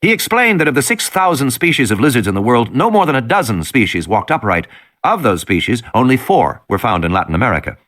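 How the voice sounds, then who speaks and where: Male audiobook narrator, dramatic and animated, bright timbre. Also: medium pitch, fast talker.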